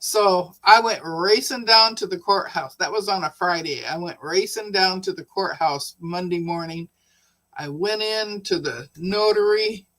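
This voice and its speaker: A woman's voice: on the low side, unhurried, a bit bright, rough recording. A woman hosting a casual live stream, chatting and telling a personal story, laughing often. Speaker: livestream host.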